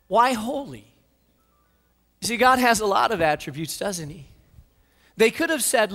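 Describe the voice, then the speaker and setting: A man preaching a dramatic sermon, swinging from soft passages to loud declarations. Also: high-pitched, expressive, a little slow, long pauses, big-room sound. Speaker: pastor.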